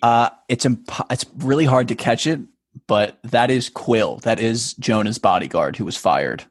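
A man's voice: mid-range voice, moderate pace, slightly rough, no room sound, studio quality. A man co-hosting a podcast, casually recapping a show, swearing freely. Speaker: podcast co-host.

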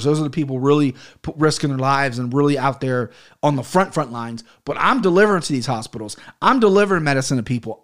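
Ranting with frequent swearing, a podcast host records from his home studio office on an arm-mounted studio mic. His voice is a little high with a fairly bright tone.

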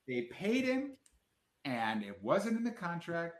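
A man co-hosting a casual chat podcast, animated and joking. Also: a little high, slow pace, roomy sound. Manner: animated, does comic impressions. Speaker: podcast co-host.

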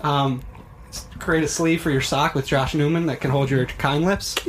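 A man's voice: on the high side, steady tone, normal speed, slight background noise. A young man co-hosting a podcast, talking in a casual, rambling and upbeat way that often breaks off mid-word. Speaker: podcast co-host. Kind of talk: casual chat.

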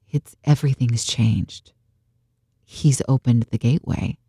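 A woman with a low, mellow voice tells a story in casual conversation. She acts out what people said as she goes, and her delivery stays lively. The room is dry, close and dead. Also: measured pace, husky, no echo. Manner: animated storytelling, acts out quotes. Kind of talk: casual faith discussion.

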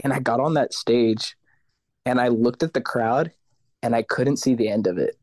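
In a relaxed interview, a man who sings as a guest vocalist spins lively anecdotes, imitating others and cursing offhandedly. He talks at an ordinary pace in a medium, slightly mellow voice, recorded without echo.

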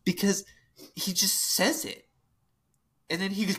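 A woman co-hosting a podcast, casually telling a family story in a wry, amused way with drawn-out asides. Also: medium pitch, fairly even intonation, slightly rough. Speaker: podcast co-host.

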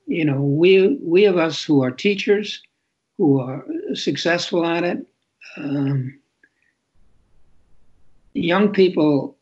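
Husky older man, reflective and halting. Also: fairly high pitch, lo-fi sound. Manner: reflective, halting, repeats words. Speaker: author and interview guest. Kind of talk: candid conversational interview.

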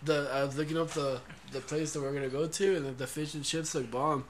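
A man's voice: on the high side, steady tone, brisk, noisy background. A man co-hosting a podcast in casual, profane chat, often trailing off and restarting. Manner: laid-back, swears, trails off and restarts. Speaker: podcast co-host.

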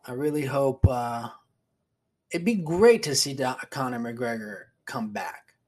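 Husky man chatting loosely and profanely. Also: medium pitch, lively intonation, a little slow, darkish tone. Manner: rambling, profane, restarts a lot. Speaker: podcast host. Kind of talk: solo casual chat.

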